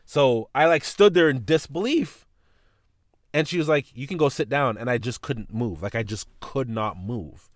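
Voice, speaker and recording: This podcast host, a man of medium pitch talking at a normal speed, tells a profane, casual story from his childhood. He's animated and does the voices of his teacher and his mom. The sound is clean studio quality without echo.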